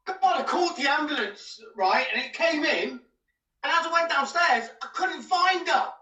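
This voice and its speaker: High, frantic woman on a roomy video call. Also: lively intonation, normal speed, pushed and bright, distant mic, lo-fi sound. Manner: frantic, exclamatory, breathless storytelling. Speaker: drama group member. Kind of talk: improvised comic monologue.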